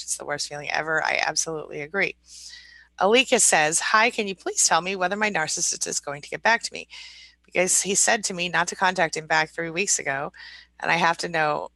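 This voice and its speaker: A woman coach hosts a live support chat, greeting viewers by name and answering them directly. Her voice sits fairly low, with a gravelly fry and a bright, sharp edge, recorded dry and close. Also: no room sound. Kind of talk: live-stream chat reading viewer comments.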